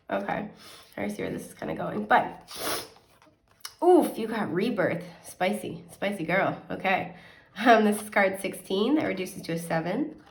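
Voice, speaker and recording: Young woman tarot reader, casual and chatty, slightly sniffly; recorded off-mic in a roomy space. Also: mid-range voice. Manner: chatty, filler-heavy, gentle advice. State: sniffly, with occasional coughs. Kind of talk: casual pick-a-card reading. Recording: echoey room, mic at a distance.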